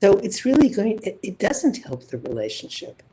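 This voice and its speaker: Very animated and speaking at a normal speed, the woman has a medium-pitched, dark-toned voice. She's a psychologist in a reflective interview, developing her thoughts via examples and rhetorical questions, though the recording is poor.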